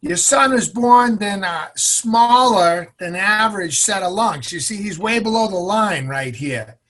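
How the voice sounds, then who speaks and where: A blunt, nasal old doctor with a thick Boston accent, as a man puts him on. He talks in a raised, pushed-up voice, flat and matter-of-fact. It is an impression slipped into a spoken story. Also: sits high, measured pace, pitched above the performer's own voice, exaggerated voice. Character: elderly male lung doctor, blunt and nasal.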